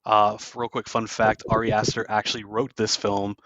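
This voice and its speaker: A man's voice: on the low side, flat delivery, moderate pace, a bit bright, dry recording, lo-fi sound. A man hosting a casual podcast, retelling movie scenes and briefly acting out the characters' lines. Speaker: podcast host. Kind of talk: casual movie recap chat.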